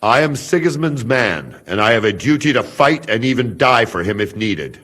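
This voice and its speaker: A proud Hungarian guard in a video game, measured and menacing. His mid-pitched voice moves widely as he weighs his words. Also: sing-song, a bit bright. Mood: firm.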